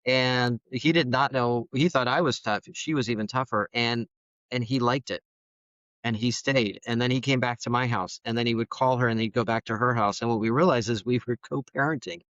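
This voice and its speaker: A middle-aged man, a guest on a podcast, telling his personal story in an animated way and acting out the dialogue. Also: mid-range voice, smooth, no room sound. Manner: animated, acts out quoted dialogue. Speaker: podcast guest, foster parent. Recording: dull, dry studio sound.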